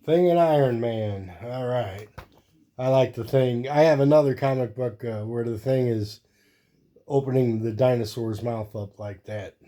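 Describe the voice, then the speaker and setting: A man's voice: medium pitch, a little slow, dark tone. A man hosting his own video, chatting casually and rambling as he shows off a stack of comic books one by one. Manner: rambling, easygoing, thinks aloud while flipping through comics. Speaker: host. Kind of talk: casual comic collection show-and-tell.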